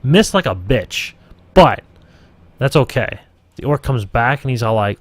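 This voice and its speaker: A man's voice: mid-range voice, animated, unhurried, no room sound. A man running a casual live tutorial stream as game master, rambling, swearing and talking to himself at his computer. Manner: rambling, profane, self-talking.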